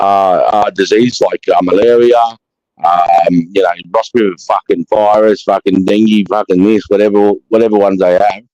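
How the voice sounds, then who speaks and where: A middle-aged Australian man hosting a casual livestream chat, blunt and swearing often, telling stories with animated, jumping energy. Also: fairly low pitch, dry recording. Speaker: livestream host, army veteran. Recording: dull, dry lo-fi stream audio.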